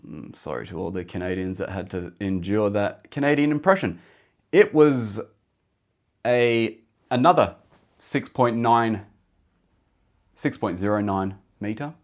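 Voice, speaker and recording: A man's voice: on the low side, a little slow, pauses often. A man hosting a podcast, talking casually through facts with jokey asides. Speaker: podcast host. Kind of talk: casual solo podcast talk.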